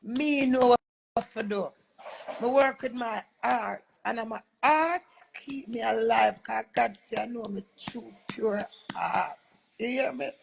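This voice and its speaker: A woman's voice: fairly high pitch, slow pace, gravelly, slight background noise, rough recording. A woman with a Jamaican accent on a live stream, earnest and preachy, switching between patois and English, emotional while recovering from illness. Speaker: livestreamer.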